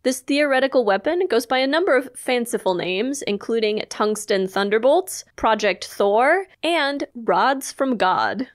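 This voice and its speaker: A woman's voice: a little high, lively intonation, measured pace, few pauses. A woman co-hosting a podcast, chatting casually and explaining facts she has researched. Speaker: podcast co-host. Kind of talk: casual chat.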